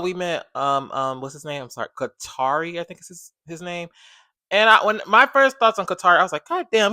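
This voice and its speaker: A man reviewing a reality TV episode in a casual vlog, slangy and rambling, swinging from loud bursts to low mutters. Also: no echo, studio quality. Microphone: camera on a tripod.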